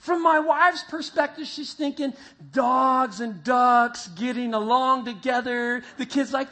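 A man preaching to a group, telling a vivid, animated story that builds toward a Bible lesson. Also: very high-pitched, normal speed, few pauses. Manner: animated storyteller, acts out voices and sounds. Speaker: youth pastor. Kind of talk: sermon with a told story. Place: meeting room with a live group.

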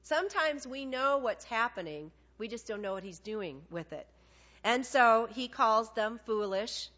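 A woman preaching a sermon, animated and conversational, acting out little dialogues with God. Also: a little high, a little slow. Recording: dull lo-fi sound.

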